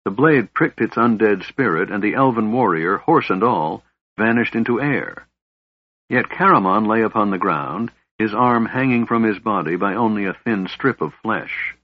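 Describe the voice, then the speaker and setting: A man narrating a fantasy novel in a measured, even storytelling voice. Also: lowish voice. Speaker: audiobook narrator. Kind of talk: scripted narration. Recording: slightly dull, dry recording.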